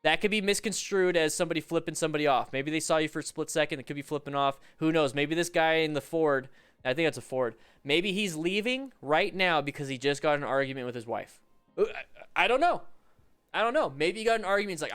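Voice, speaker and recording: A man coaching motorcycle riders over a livestream, commenting on riding videos in an animated, joking, rambling way with restarts. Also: fairly high pitch, fast, clean tone.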